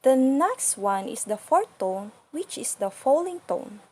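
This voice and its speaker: A woman with as her explains sounds one by one in an unhurried instructional style. Her voice sits a little high and carries a soft, breathy quality. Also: very animated. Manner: patient, demonstrates sounds slowly and repeats them. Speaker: language teacher. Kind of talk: slow instructional lesson.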